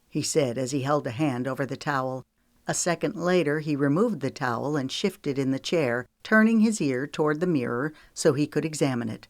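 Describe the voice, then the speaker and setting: A woman narrating a romance audiobook in a steady storytelling manner. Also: sits low, normal speed, no room sound, clean studio sound. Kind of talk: scripted narration.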